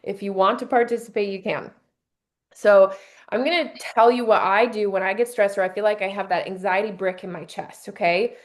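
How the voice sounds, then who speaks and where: An upbeat woman leads a small workshop group, coaching them through slow breathing and talking about focus and leadership. Her voice sits at an ordinary middle pitch, and her delivery is friendly and encouraging. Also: steady tone. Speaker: team leader running a workshop. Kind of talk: motivational workshop talk.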